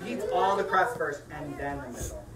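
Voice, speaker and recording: A woman reading a picture book aloud to children, playful and animated, chatting about the pages as she goes. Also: low-pitched, a little fast, over a noisy crowd. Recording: echoey room from far off.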